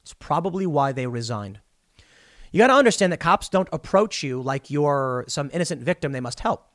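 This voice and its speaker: Guy ranting his political take straight to camera, kinda high voice, dead dry room. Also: sing-song, moderate pace, a bit bright, no echo. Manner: blunt, talks straight to the viewer with a personal take; retells events by acting out quoted dialogue. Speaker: political commentator. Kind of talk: opinionated commentary monologue.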